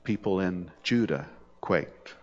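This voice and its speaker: A man's voice: low-pitched, animated, slow pace. Man preaching in a long-reverb hall. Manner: conversational preaching with jokes, rising intensity on dramatic points. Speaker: pastor. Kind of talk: sermon. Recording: dull lo-fi hall recording.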